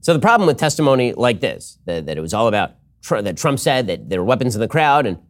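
Fast, animated male commentary host. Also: medium pitch. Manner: animated, sardonic, quick restarts. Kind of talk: fast opinionated monologue.

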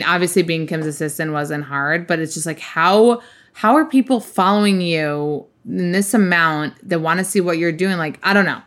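A young woman co-hosting a podcast keeps the chat casual and meandering, peppered with fillers. Her voice is on the low side, with a fairly bright tone.

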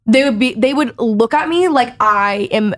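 A woman in her twenties from Texas with a Valley Girl accent, hosting a podcast in loud, chatty casual talk full of "like". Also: on the high side, normal speed. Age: 20s. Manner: chatty, says like a lot, lively. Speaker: podcast host. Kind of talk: casual chat.

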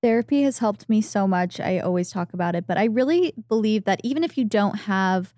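A woman's voice: medium pitch, lively intonation, brisk, mellow, dry recording, studio quality. Young woman reacting on a podcast. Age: young adult. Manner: reactive, gasping and exclaiming. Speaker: podcast co-host. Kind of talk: casual chat.

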